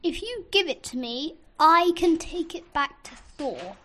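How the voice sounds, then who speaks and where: A sly male trickster god from a storybook, speaking slowly in a soft, low-key voice, put on by a woman. He sounds calculating and unhurried. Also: sing-song, heavily acted. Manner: slow, soft, hushed.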